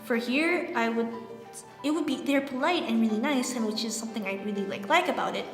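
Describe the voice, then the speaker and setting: A young woman from Saipan answering interview questions in a casual, animated way, retelling things with exasperation. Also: a little high, a little fast. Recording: echoey room with music.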